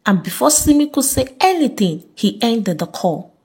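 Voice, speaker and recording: Expressive woman storyteller. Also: a little high, moderate pace, vocal fry. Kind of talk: storybook narration.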